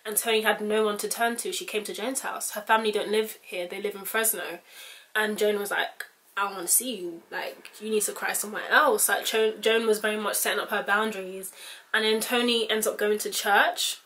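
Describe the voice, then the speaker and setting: A woman's voice: mid-range voice, fairly even intonation, moderate pace, fairly bright tone. A young woman with a British accent, talking casually to camera in a rambling, chatty way, full of "like". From United Kingdom. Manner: chatty, rambling, heavy use of "like". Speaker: vlogger.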